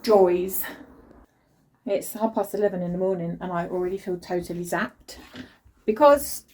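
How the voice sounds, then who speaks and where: Her voice sits on the low side with a darkish tone at a normal speed, recorded in low quality on a phone camera. The young woman is a parent vlogger at home, chatting frankly and tiredly about her family, now and then switching to sing-song baby talk for her children and dog.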